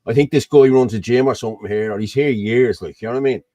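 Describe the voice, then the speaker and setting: A man's voice: mid-range voice, quick pace, dark tone, no echo. Blunt rambling Irish man hosting. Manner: rambling, blunt, keeps asking 'you know what I mean'. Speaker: host. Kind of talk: casual political chat over a video call. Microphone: video call.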